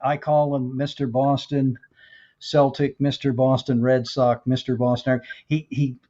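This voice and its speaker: A man's voice: mid-range voice, little pitch movement, unhurried, mellow. Chatty male host with dull, lo-fi audio. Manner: chatty, reads viewer comments. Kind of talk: casual interview chat.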